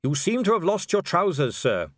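Guy doing a chirpy eager young captain, polite, lots of sirs, voice pitched way up, lively. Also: moderate pace, no echo, studio quality, exaggerated voice. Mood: cheerful. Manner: polite, keeps saying sir. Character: cheerful earnest young male watch captain.

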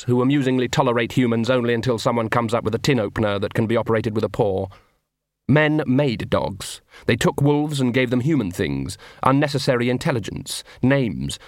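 A man's voice: mid-range voice, dry recording. Guy reading an audiobook, wry and dry, close dead-sounding mic. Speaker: audiobook narrator. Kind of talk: audiobook narration.

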